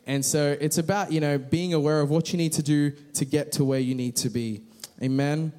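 A man's voice: on the high side, fairly even intonation, moderate pace, warm tone. A man preaching a casual, conversational sermon with frequent restarts and fillers.

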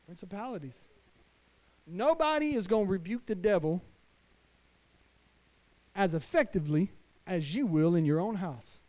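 A man pastor preaching a sermon to fathers, emphatic, swinging between hushed lines and loud declarations. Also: high voice, animated, moderate pace, pauses often. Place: church.

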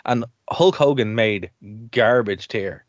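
A man's voice: medium pitch, takes it slowly, dry recording, muffled recording. A man hosting a radio and podcast show, chatting casually, rambling and laughing often. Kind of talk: casual chat.

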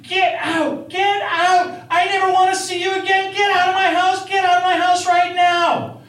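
A man acting out a furious woman neighbor shouting someone out of her home, in a roomy, distant-miked recording. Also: very high-pitched, little pitch movement, normal speed, pitched above the performer's own voice.

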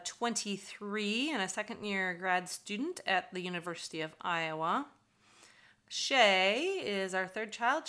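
A middle-aged woman hosting a church podcast, talking in a chatty, earnest way with ums and pauses. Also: mid-range voice, bright, forceful tone, smooth. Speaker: podcast host. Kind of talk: casual podcast monologue.

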